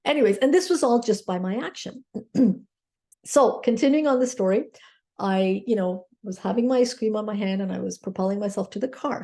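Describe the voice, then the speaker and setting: A woman's voice: mid-range voice, gravelly, warm tone. A woman mindset coach telling a personal story in an earnest, grateful way, often checking in with her listeners with "okay?".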